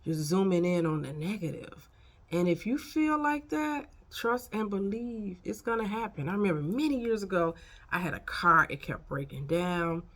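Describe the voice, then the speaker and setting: With a lowish, fairly bright voice, lively intonation, and normal speed, this life coach in her fifties talks right to her viewers. Her casual motivational vlog is full of frank, folksy advice about life.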